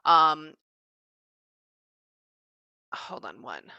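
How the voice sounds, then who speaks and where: A woman giving a casual psychic reading, chatting as she relays what she senses with frequent pauses and fillers. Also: deep voice, pushed and bright, no room sound. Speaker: psychic medium.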